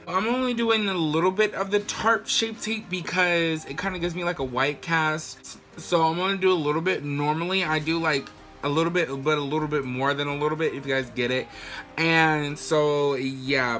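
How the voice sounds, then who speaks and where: A man's voice: mid-range voice, pushed and bright. A man talking casually through a makeup tutorial, chatty and slangy, explaining each step while he works. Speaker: makeup vlogger.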